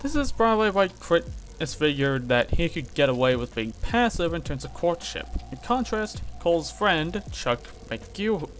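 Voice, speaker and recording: A man's voice: on the high side, very animated, a little slow, a bit bright, rough recording. A man hosting a casual stream, reading a text aloud with joking asides. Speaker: stream host.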